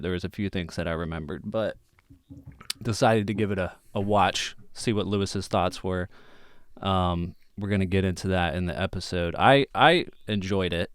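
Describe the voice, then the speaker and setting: A man's voice: deep voice, clean tone, no echo, studio quality. A man hosting a podcast in casual chat, easygoing, laughing often and using many fillers. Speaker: podcast host.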